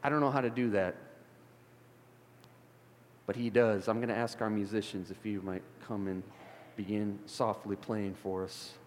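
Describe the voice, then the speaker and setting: A middle-aged male pastor from the Chicago area preaches a sermon in a church sanctuary, his lowish voice steady and his pace moderate with long pauses. He moves from conversational storytelling to fervent emphasis. The recording carries the long hall reverb of a church and slight background noise.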